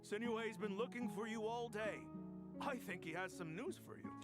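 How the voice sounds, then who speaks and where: An actor playing a sheepish older uncle in a video game, gravelly and evasive. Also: male voice, sits high, moderate pace, loud music behind the voice, close to an everyday voice. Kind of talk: game character dialogue.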